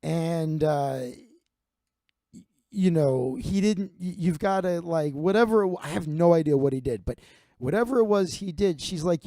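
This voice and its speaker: A man's voice: on the high side, expressive, moderate pace, warm tone, no room sound. Rambling, profane man in his forties. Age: 40s. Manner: profane, rambling with many fillers and restarts. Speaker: comedian host. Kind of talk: rambling comic storytelling.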